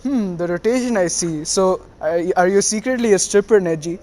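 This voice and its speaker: A man's voice: sits high, normal speed, a little mellow, close to an everyday voice. Naruto, a man doing a smug teasing boy ninja. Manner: teasing, offhand. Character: smug teenage boy ninja, mocking taunter.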